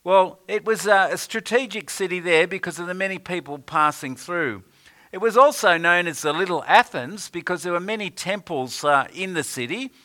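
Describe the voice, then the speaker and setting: A man delivering a sermon at an unhurried pace, pausing often with hesitant fillers. His voice sits a little high and rings bright and forceful. He quotes scripture in old-fashioned wording. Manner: unhurried, many "uh" pauses, quotes scripture in King James wording. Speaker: preacher.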